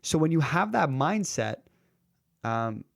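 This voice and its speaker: Brief: male coach, animated storyteller, does character voices, lots of "um", dry close sound. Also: on the high side, takes it slowly, vocal fry, dry recording. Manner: lively storyteller who acts out quoted characters; frequent filler words and restarts. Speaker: public speaking coach. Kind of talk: conversational interview storytelling.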